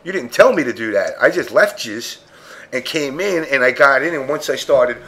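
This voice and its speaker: A man's voice: mid-range voice, animated, moderate pace, a bit bright. Blunt, profane man telling a story. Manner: profane, blunt, acts out quotes. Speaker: podcast panelist. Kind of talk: casual chat storytelling.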